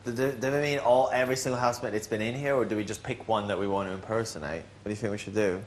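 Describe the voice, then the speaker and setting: A man's voice: fairly low pitch, fairly even intonation, rapid-fire, slight background noise. A young man, a reality show housemate, telling a funny story in casual chat, rambling and restarting as he goes.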